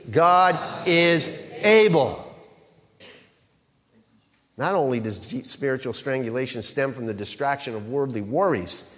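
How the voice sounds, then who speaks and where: A man's voice: mid-range voice, a bit bright, in a large hall. A male pastor preaching a sermon, rising to emphatic peaks and calling on the congregation to answer. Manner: rises to emphatic peaks, calls for congregation response.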